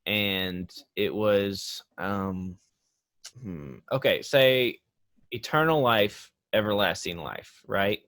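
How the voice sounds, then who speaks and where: A man with a lowish voice hosts a casual chat. He rambles through examples and turns animated as he makes a point, recorded dry and close with no room sound. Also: takes it slowly, dry recording. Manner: rambling, restarts often, animated when making a point. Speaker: podcast host.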